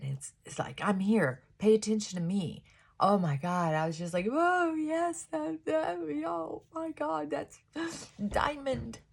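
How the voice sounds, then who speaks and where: Husky woman rambling while doing makeup. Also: on the low side. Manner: rambling, reflective, trailing off. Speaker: vlogger.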